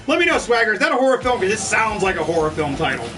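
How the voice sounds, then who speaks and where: Brief: fairly high-voiced guy, sits back from the mic, cussing gamer rant. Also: very animated, quick pace. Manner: profane, ranting, laughs often. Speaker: let's play host. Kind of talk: casual gameplay commentary chatting with viewers. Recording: distant mic with game music behind.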